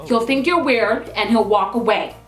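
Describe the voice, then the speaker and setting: A young woman from Toronto, vlogging and telling a story to the camera in an animated, emphatic way, full of asides. Her voice sits fairly high and echoes in a roomy space, with faint music in the background. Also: moderate pace.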